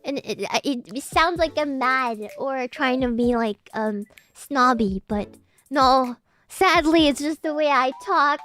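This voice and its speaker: A woman streamer with a high-pitched, fairly bright voice chats slowly and casually with her live chat, reading messages and thanking viewers. She speaks a posh, slightly uppity-sounding English and giggles often, her once very nasal voice now loosened.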